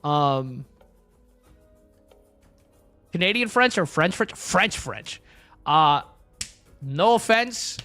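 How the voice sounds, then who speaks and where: A young man with a high voice, chatting loosely on a livestream. He rambles, jokes and answers his chat, full of filler words. Faint music plays behind him. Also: lively intonation, very slow, long pauses, bright, forceful tone. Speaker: streamer. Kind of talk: casual stream chat.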